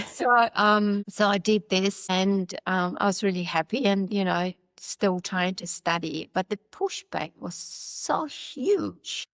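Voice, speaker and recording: A woman's voice: mid-range voice, takes it slowly, no room sound. A woman whose first language is Polish tells her own story in an interview, wry and candid. She plays the voices of the people she quotes and laughs freely. Her voice sits in a middle range and the recording is close and dry. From Poland. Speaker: interview guest.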